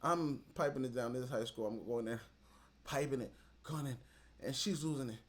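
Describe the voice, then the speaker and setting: A man hosts a reaction video in easy, casual commentary. His pitch sits in a middle range, and his talk is blunt and full of slang. He drifts from low mutters to sharp outbursts. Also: moderate pace. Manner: blunt, slangy, swings between mumbling and outbursts.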